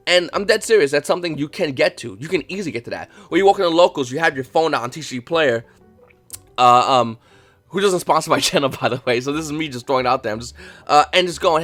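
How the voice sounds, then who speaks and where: A man hosting his own channel, giving casual, rambling advice to viewers and acting out little dialogues. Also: mid-range voice. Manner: rambling, with many restarts and fillers; emphatic and animated, acts out little dialogues. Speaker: channel host.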